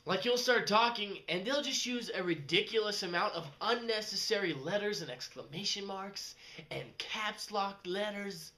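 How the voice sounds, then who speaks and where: Animated young man. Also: normal speed. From West Texas. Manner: animated, jumps to high mocking voices when quoting people. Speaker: vlogger. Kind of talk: casual rambling vlog.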